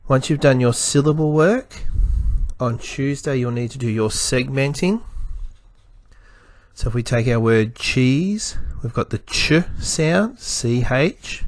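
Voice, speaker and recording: A male teacher giving a spelling lesson to children, spelling words out letter by letter and sounding out each part slowly and carefully. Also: medium pitch, dry recording.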